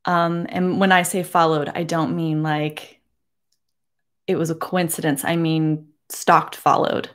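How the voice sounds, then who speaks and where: A woman in her forties speaking earnestly to camera from her home, emotional and holding back tears, with many halting restarts. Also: low-pitched, little pitch movement, a bit bright. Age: 40s. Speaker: beauty vlogger. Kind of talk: personal address to camera.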